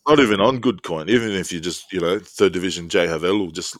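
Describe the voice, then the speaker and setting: A man, co-hosting a podcast and telling stories in a jokey, animated way. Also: sits low, fast, no echo. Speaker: podcast co-host. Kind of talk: casual chat.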